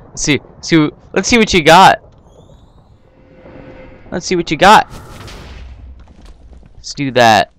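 A young man talks over his own game session, swinging quickly between mumbled asides and sudden excited yelps. His voice is smooth and clear, and his pitch leaps around a lot as he reacts to the play. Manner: excitable, yelps and laughs at the action. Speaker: gaming channel host. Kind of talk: casual gameplay commentary.

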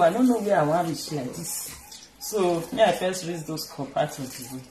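A woman's voice: on the low side, expressive, normal speed, reverberant, heavy background noise. A woman with a Nigerian accent chatting casually and teasingly while doing chores in her kitchen, rambling and switching between languages. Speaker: vlogger. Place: home kitchen.

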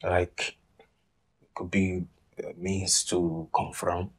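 An actor playing a blunt, exasperated friend who lectures and scolds. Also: male voice, deep voice, flat delivery, extremely slow, slightly rough, heavily acted. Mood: scolding.

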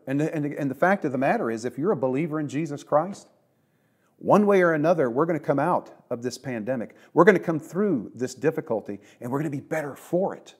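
A middle-aged man preaching a sermon as pastor, moving from emphatic, repeated phrases to soft, hushed passages. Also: mid-range voice, lively intonation, fairly quick, breathy edge.

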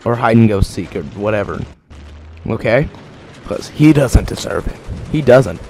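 A man giving joking commentary over his own gameplay, mostly deadpan and mock-serious, with sudden excited outbursts. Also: on the low side, measured pace, slight background noise. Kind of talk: joking live game commentary. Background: game gunfire and explosions.

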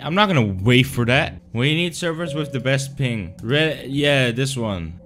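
Young male gaming YouTuber, middle-range voice, chatty, cursing, loud outbursts. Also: medium pitch, unhurried. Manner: excitable, swears, yells in sudden outbursts. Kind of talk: casual game commentary.

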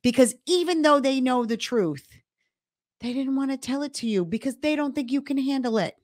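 A woman's voice: high voice, moderate pace, a little mellow, no room sound, clean studio sound. Emphatic middle-aged woman co-hosting a podcast. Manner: emphatic, explanatory. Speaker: podcast co-host. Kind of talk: casual conversational podcast talk.

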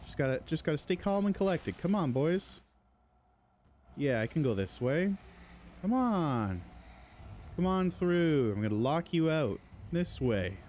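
A man narrates his gameplay in a jittery, panicky stream of reactions, and he talks straight to the enemies on screen. His voice sits a little high for a man and swings widely in pitch. Faint noise lies under it. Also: very animated, measured pace, pauses often, a little mellow. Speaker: gaming channel host. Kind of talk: let's play commentary.

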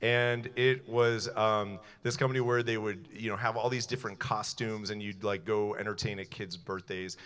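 A man's voice: fairly low pitch, fairly even intonation, moderate pace, few pauses, fairly bright tone. A young man on a cabaret stage, telling a loose, rambling story between songs, full of fillers and little laughs. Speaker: cabaret singer.

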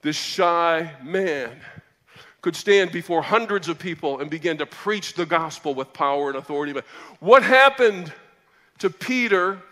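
A man tells his testimony as a sermon, jumping from loud, excited bursts down to low, hushed storytelling. His voice sits high and sounds bright and forceful. It rings out with a long reverb, as in a big hall. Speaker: preacher giving his testimony.

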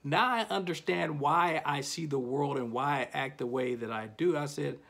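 Male self-help host, gravelly voice, casual motivational storytelling, dramatic rises and drops. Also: moderate pace. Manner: storytelling with big swings in pitch and loudness. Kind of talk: casual motivational talk to camera.

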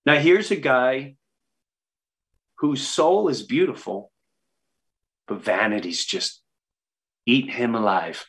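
Middle-aged male comedian guest, animated storyteller who plays every quoted person himself. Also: mid-range voice, slow, long pauses. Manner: animated storyteller, acts out quoted voices loudly. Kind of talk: storytelling interview chat.

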